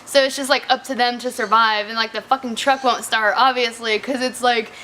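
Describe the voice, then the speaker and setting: A woman's voice: a little high, fairly even intonation, brisk, sharp tone. A woman casually reviewing a movie, chatty and profane, peppering her talk with "like". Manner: chatty, profane, heavy use of "like". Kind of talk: casual chat.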